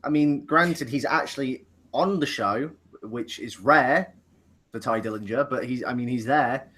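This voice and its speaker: A man's voice: mid-range voice, measured pace, fairly bright tone. A man co-hosting a casual chat, opinionated and joking, often restarting his sentences. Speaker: podcast co-host.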